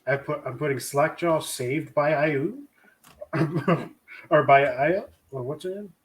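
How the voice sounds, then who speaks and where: A man's voice: a little high, slow, husky. Blunt casual man playing a tabletop game. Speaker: player.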